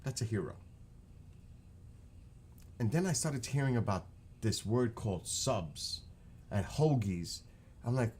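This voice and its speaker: A man's voice: medium pitch, lively intonation, takes it slowly, pauses often, a little mellow, a little hiss or hum. A man with a New York accent, chatting casually on his live stream, rambling and joking.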